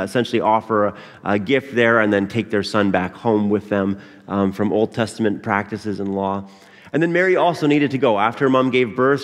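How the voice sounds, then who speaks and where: A pastor giving a sermon in a conversational manner, with frequent pauses and fillers. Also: male voice, medium pitch. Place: church sanctuary. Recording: long church reverb.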